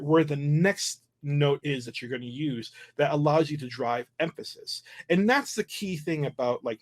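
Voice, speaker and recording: A man with a fairly high voice teaching flute on a livestream. He explains in a loose, easygoing way, stopping to restart his sentences and filling gaps with ums and uhs. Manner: relaxed explaining, many fillers and restarts. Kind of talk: livestream music lesson.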